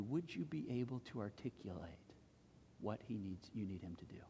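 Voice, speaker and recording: A pastor preaching a sermon with impassioned swings between loud pleading and hushed intensity, driving home points with repeated rhetorical questions. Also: mid-range voice, expressive, quick pace, gravelly, long reverb tail, a little hiss or hum.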